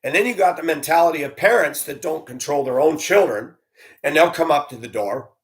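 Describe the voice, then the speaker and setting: A man in his fifties, a school bus driver, delivering a blunt, animated rant with swearing and grumbling. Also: a little high, brisk. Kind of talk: ranting monologue.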